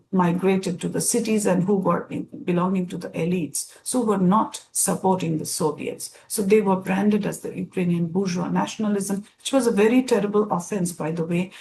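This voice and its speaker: A woman from India, giving an academic lecture in a thoughtful, measured way, often pausing to find her words. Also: medium pitch, creaky, a little mellow, a little hiss or hum, low-quality recording.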